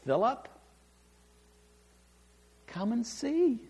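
A man preaching a sermon, reading scripture aloud and explaining it with emphatic, animated delivery. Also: very high voice, drawn-out words, vocal fry, breathy edge. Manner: animated, rising and falling for emphasis, acts out quoted lines.

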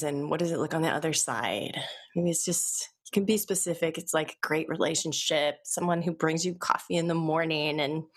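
Woman hypnotherapist, live group session, gentle and conversational, slow soothing induction, slightly low voice. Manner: gentle, conversational, reads chat comments aloud.

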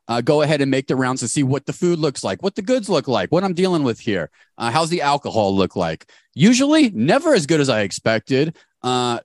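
A man co-hosting a casual podcast, talking fast and animated. His pitch jumps around a lot as he talks. The sound is dry and close, with no room echo. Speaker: podcast co-host. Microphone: remote call mic.

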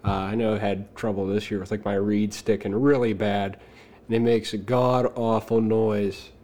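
A man's voice: lowish voice, flat delivery, normal speed, darkish tone. A man as a podcast guest, casually telling stories in an easygoing, anecdotal way. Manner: easygoing, anecdotal, laughs at his own stories. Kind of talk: casual storytelling.

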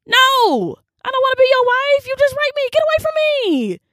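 A woman voicing an angry young woman in a high, indignant voice. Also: sing-song, normal speed, fairly bright tone, no echo, studio quality, full character voice. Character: young woman refusing her attacker, angry.

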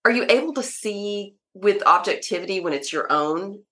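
A woman hosting an interview, asking questions in a lively way and laughing along with her guest. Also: mid-range voice, moderate pace. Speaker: interviewer host. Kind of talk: casual interview conversation.

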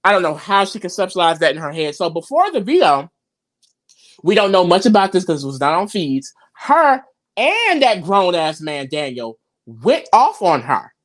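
A woman's voice: lowish voice, normal speed. A woman co-hosting a casual recap chat, telling the story with gossip, swearing and acted-out quotes. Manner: animated storytelling, acts out quotes; profane, gossipy. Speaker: podcast co-host.

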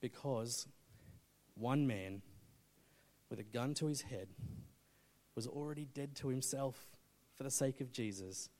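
A man preaching a sermon, telling a story and swinging between urgent loud appeals and hushed, intense moments. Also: mid-range voice, unhurried, pauses often. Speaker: pastor.

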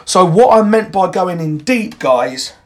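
A man's voice: high voice, animated, unhurried. Blunt, sweary young man. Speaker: podcast host. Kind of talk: motivational monologue.

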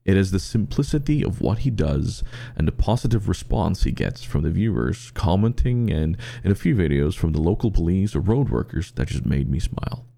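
A man's voice: sits low, sing-song, normal speed, creaky, hardly any pauses, mellow. A man co-hosting a podcast, telling stories in casual chat, rambling and acting out the people in them. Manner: rambling storyteller, acts out quotes, repeats words. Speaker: podcast co-host.

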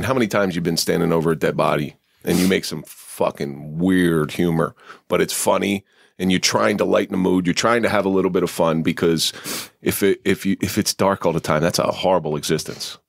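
A man's voice: low voice, steady tone, a little fast, vocal fry, no echo, studio quality. A man hosting a podcast, chatting in a blunt, profane way and asking questions. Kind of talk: casual podcast chat.

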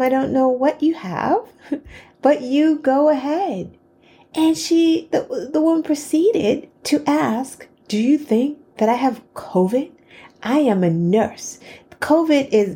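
A woman hosting a podcast, telling a story in a casual, chatty way, laughing between phrases and pausing for effect. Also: lowish voice, creaky, dark tone. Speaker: podcast host.

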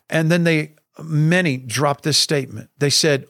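A man's voice: fairly high pitch, unhurried, vocal fry, few pauses, fairly bright tone, dry recording, studio quality. A middle-aged man, a pastor, speaking earnestly and emphatically to fellow pastors in a preacher's cadence. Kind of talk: podcast talk to fellow pastors.

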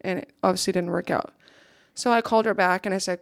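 A woman's voice: lowish voice, fairly even intonation, fast, gravelly, no room sound, studio quality. A young woman giving an earnest, reflective personal testimony to a gathering, now and then checking her notes.

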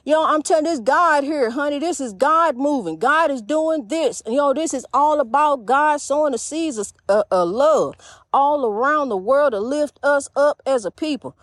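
A woman's voice: sits high, normal speed, no echo, clean studio sound. A woman hosting her own podcast, talking in a chatty, preachy way and calling her listeners honey. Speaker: podcast host. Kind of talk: casual faith-talk podcast monologue.

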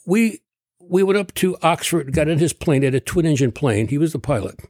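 A man's voice: a little high, expressive, brisk, darkish tone, no echo, clean studio sound. Older man telling a long story. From Connecticut. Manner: rambling anecdotal storyteller who clears his throat often. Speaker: guest, doctor. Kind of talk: storytelling interview.

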